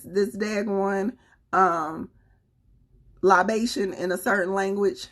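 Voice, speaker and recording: A woman with a Southern US accent hosts a live stream, chatting with viewers in an earnest, preachy, colloquial manner. Her voice is medium-pitched, and she takes it slowly with frequent pauses.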